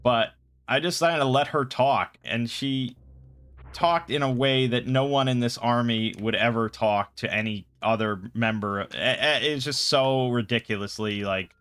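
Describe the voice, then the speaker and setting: A man's voice: mid-range voice, unhurried, a bit bright, clear, resonant tone. A man hosting a casual chat show, retelling a game session in a rambling, exasperated way. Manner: rambling, exasperated storytelling with many fillers. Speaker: podcast host.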